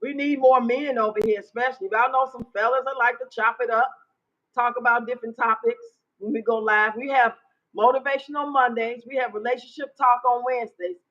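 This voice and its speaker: A woman in her fifties hosting a casual live chat, loud, blunt and profane. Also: a little high, steady tone, fairly quick, dull audio. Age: 50s. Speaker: livestream host.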